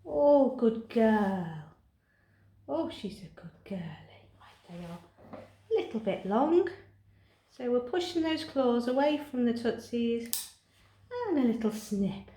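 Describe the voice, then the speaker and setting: A woman grooming a cat, talking softly and coaxingly while explaining her work. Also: a little high, expressive, takes it slowly. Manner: soft, coaxing, chatty. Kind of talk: grooming commentary. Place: grooming room. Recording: echoey room with music behind.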